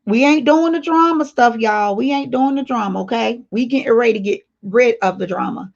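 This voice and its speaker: A woman's voice: fairly high pitch, fairly quick, few pauses. Chatty woman hosting a lo-fi livestream. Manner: chatty, blunt and playful, talks straight to her viewers. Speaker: livestream host. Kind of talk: casual livestream chat reading comments. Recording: dull lo-fi stream audio.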